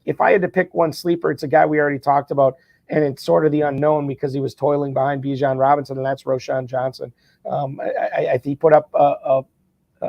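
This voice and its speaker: This podcast guest, a fantasy football champion, has a fairly high, gravelly voice and eagerly pushes his points in casual conversation, often stammering and restarting. The sound has no echo and a lo-fi quality.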